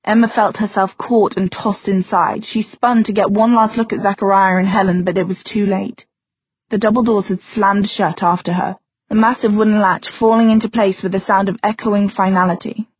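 A woman's voice: medium pitch, fairly even intonation, normal speed, breathy edge, no echo. Woman narrating over a thin phone-like line. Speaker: audiobook narrator. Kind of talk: scripted fantasy narration. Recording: dry, phone-like narrow sound.

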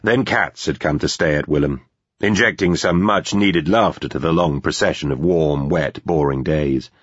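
Low-voiced guy reading a novel out loud, steady and measured, kinda muffled dry recording. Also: breathy edge, no room sound. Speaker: audiobook narrator. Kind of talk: scripted narration.

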